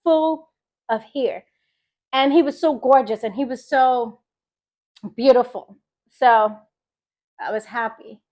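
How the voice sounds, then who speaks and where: A woman from Philadelphia with a fairly high voice shares a personal faith testimony. She tells it in a lively, storytelling way, repeating phrases for emphasis and acting out the conversations she had. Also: slow pace, long pauses. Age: adult mother. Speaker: faith vlogger.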